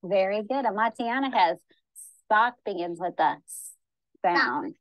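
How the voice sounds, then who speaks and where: A woman's voice: medium pitch, animated, a little slow, no echo, highs cut off. A woman teaching young children, patiently sounding out letters and sounds. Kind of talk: classroom teaching. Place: classroom.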